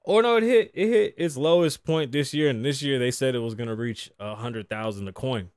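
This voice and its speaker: A man's voice: medium pitch, brisk, darkish tone, clear, resonant tone, no echo. A man in his thirties riffs through a casual solo talk-show monologue in a mid-range voice. He curses freely, jokes and slips in Spanish phrases. The sound is dry and close. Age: 30s. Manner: profane, joking, laughs often, drops Spanish phrases. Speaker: podcast host.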